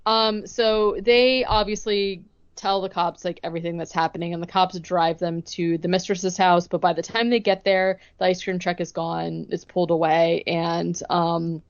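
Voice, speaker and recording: A woman co-hosting a podcast, recapping a movie plot in a casual, chatty way and acting out the characters' lines in quick bursts. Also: lowish voice, fairly even intonation, clean tone, highs cut off. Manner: chatty, retells scenes with quick acted-out quotes. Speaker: podcast co-host.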